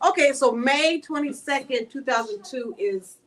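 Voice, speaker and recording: A woman hosting an interview, asking gentle, probing questions and affirming her guest. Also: high voice, normal speed, far from the mic. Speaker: interviewer host. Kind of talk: conversational interview.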